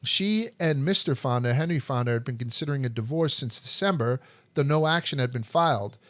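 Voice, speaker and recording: A man's voice: medium pitch, fairly quick, fairly bright tone, dry recording. A man hosting a history podcast, telling stories in a blunt, profane, joking way. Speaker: podcast host. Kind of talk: casual history chat.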